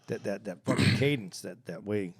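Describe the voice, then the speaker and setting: A man co-hosting a comedy podcast, chatting in a relaxed way and laughing as he talks. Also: lowish voice, moderate pace, gravelly, slightly rough. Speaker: podcast co-host. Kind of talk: casual comedy podcast banter.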